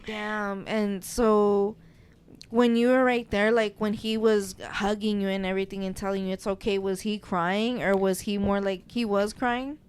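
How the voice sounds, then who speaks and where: A woman's voice: mid-range voice, fairly even intonation, measured pace, clear, resonant tone. A woman hosting a podcast interview in a casual, slangy way, swearing and calling people "bro". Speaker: podcast host.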